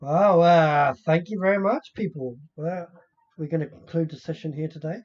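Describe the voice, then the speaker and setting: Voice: mid-range voice, moderate pace, a little mellow. A player wrapping up a tabletop game session in rambling casual talk. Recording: muffled lo-fi stream audio.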